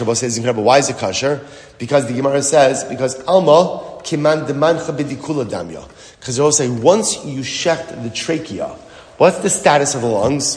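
A man explaining a Talmud passage in an emphatic way, repeating phrases and asking rhetorical questions. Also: mid-range voice. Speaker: Talmud teacher. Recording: echoey hall with long reverb.

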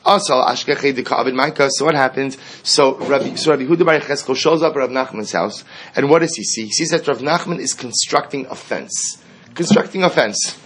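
A man's voice: mid-range voice, fast talker, a bit bright, a little hiss or hum. A man teaching a Talmud class, explaining each line and asking rhetorical questions as he goes.

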